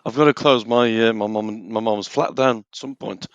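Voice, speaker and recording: A man's voice: fairly low pitch, steady tone, normal speed, dry recording, dull audio. A man in a casual talk show, chatting with hesitant restarts and apologising freely. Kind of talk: casual chat.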